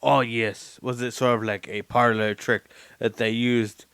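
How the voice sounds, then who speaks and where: A man co-hosting a podcast who talks quietly, with low energy, and mostly agrees and asks short questions, speaking close to a studio mic with a pop screen. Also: flat delivery, measured pace, clean tone, dry recording. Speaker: podcast co-host. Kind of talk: casual podcast chat.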